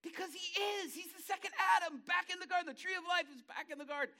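A male pastor preaching a lively sermon, acting out scenes in voices and ending in a hushed prayer. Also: very high voice, quick pace.

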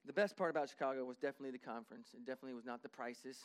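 A middle-aged man preaching a sermon as pastor, talking animatedly and rising to emphatic high points. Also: rapid-fire.

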